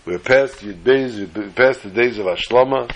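A man's voice: mid-range voice, moderate pace, noisy background. A man giving an emphatic, lecturing sermon-style scripture lesson as a religious teacher.

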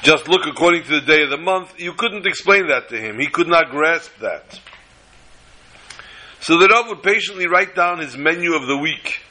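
A man tells a story in the style of a sermon, with an expressive, dramatic delivery at normal speed. His voice is very bright and somewhat high for a man, and the recording is rough.

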